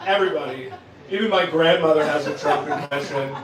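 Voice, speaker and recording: High-voiced man doing profane stand-up. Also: a little fast, a crowd in the background. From Trenton, New Jersey. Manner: self-deprecating, profane, laughs at own jokes. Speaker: stand-up comedian. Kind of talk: stand-up set. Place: comedy club stage. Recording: roomy club sound, mic at a distance, audience.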